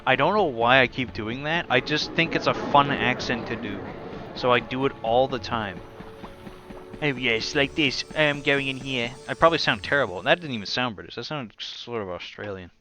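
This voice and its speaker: An excitable man talking casually over his own gameplay, quick to laugh and break into goofy voices. Game music plays clearly behind him. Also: mid-range voice. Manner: excitable, laughs often, slips into joke accents. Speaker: gaming video host. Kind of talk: casual let's-play commentary.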